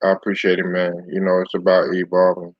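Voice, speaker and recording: A man's voice: low-pitched, completely flat delivery, brisk, no room sound, lo-fi sound. A man hosting a casual live-stream sports talk show, chatty and loose, greeting his viewers by name.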